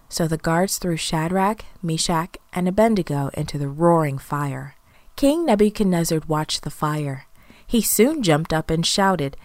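A woman narrating a children's Bible story in a lively, expressive storytelling voice. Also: low voice, unhurried, no echo, studio quality.

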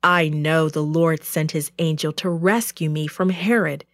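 A weary apostle, just freed, read by a woman in her own voice, speaks softly and earnestly. He talks slowly and with feeling in a dry, close storybook recording. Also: sits low, fairly even intonation, no echo.

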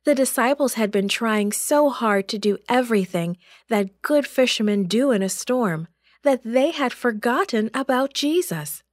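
A woman narrating a Bible story for children in a slow, clear and expressive way. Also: a little high, no echo, studio quality.

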